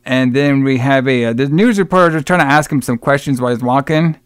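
A man's voice: mid-range voice, brisk, clear, resonant tone, no echo, studio quality. A man co-hosting a podcast, rambling through a film plot with lots of swearing and mock voices for the characters. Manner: profane, rambling retelling with mocking quoted voices. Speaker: podcast co-host. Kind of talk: casual film review chat.

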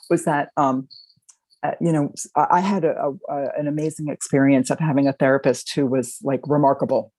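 A middle-aged woman sharing her recovery story, speaking in an emotional, halting and reflective way. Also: very deep voice, warm tone, no echo, poor audio. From Baltimore, Maryland. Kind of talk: personal sharing.

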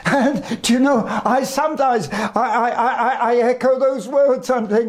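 A male evangelist preaching a sermon, slow and deliberate, with emphatic pauses between phrases. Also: very high-pitched, fairly even intonation.

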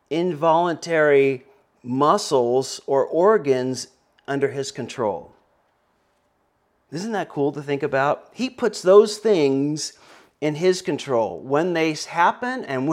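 A man's voice: fairly high pitch, animated, takes it slowly. Conversational male preacher with many fillers. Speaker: pastor. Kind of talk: sermon.

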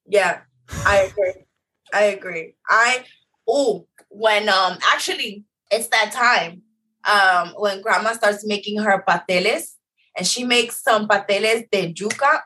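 A woman chatting on a podcast, excitable and swearing freely. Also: mid-range voice, unhurried, a little hiss or hum, poor audio. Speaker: podcast co-host. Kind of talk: casual chat.

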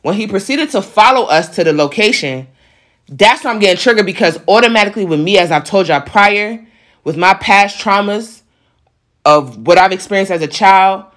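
A woman's voice: mid-range voice, lively intonation, moderate pace, a bit bright. A woman vlogger telling a personal story in casual, emphatic slang, talking straight to her viewers. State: on the verge of tears.

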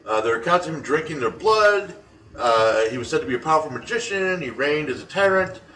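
A man's voice: on the high side, expressive, a little fast, sharp tone. A man co-hosting a casual chat, retelling folklore in a rambling, joking way with many fillers. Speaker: podcast co-host. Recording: roomy, distant mic, faint ambience.

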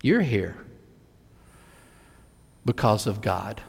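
A man preaching a sermon, acting out the Bible figures' lines with sudden swings between soft and loud. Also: lowish voice, sing-song, very slow, vocal fry, husky, in a large hall.

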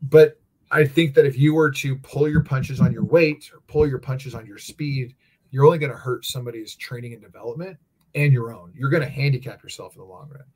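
A man's voice: medium pitch, brisk, darkish tone, slightly rough. A man with an ordinary mid-range voice chats candidly. He tells long, rambling stories, peppered with casual curses and fillers. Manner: candid storytelling, heavy swearing and fillers. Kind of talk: casual chat.

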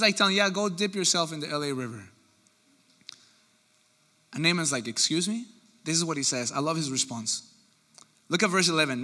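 A man preaching a sermon, animated and acting out the people he quotes. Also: high-pitched. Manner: animated, acts out quoted voices. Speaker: pastor.

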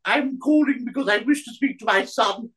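A man doing a shrill put-on old Queen. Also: normal speed, sharp tone. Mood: regal. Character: the elderly Queen, regal and prim, woman.

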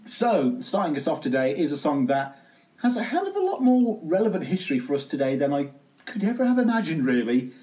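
A man's voice: fairly high pitch, very animated, a little mellow. Wry man on a music podcast. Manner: wry, joking asides, quick bursts. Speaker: podcast co-host. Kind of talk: casual music podcast chat.

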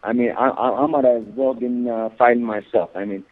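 A man being interviewed, talking haltingly with many repeated words and growing emphatic as he goes. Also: medium pitch, fairly even intonation. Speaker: guest. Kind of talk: interview on radio. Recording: tinny phone line.

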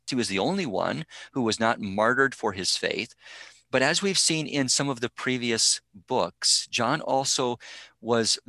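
Bright-voiced man hosting a faith podcast. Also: medium pitch, dry recording. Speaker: podcast host. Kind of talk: scripted podcast intro and discussion.

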